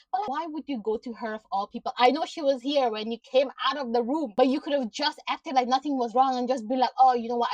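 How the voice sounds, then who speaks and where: A woman's voice: sits high, darkish tone, no room sound, distant mic, highs cut off. A woman giving a casual recap of a TV episode, ranting in exasperation with frequent swearing and laughter. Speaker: show reviewer.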